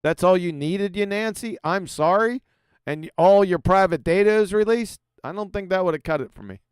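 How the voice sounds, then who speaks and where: High-voiced guy hosting a stream, mocking and laughing a lot, smooth dry close mic. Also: brisk, dry recording. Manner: laughs often, animated and mocking. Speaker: stream host. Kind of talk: casual live panel chat.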